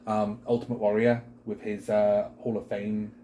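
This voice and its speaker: A man's voice: on the low side, normal speed, highs cut off, slight background noise. Rambling British man co-hosting a chat. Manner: rambling, filler-heavy, animated. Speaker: wrestling show co-host. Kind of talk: casual chat.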